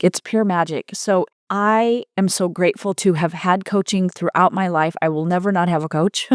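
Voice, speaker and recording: A woman's voice: on the low side, a little mellow, no room sound, clean studio sound. A middle-aged woman hosting her own coaching podcast, speaking earnestly and heartfelt, with emphatic repetition. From United States. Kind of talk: personal podcast monologue.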